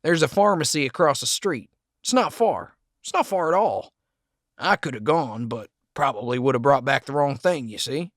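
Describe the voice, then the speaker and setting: A man voicing a bitter, menacing Southern man with a raspy, croaking voice and a Southern US accent, speaking slowly and accusingly. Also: mid-range voice, lively intonation, a bit bright, dry recording, clean studio sound. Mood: brooding. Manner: slow, brooding, accusing.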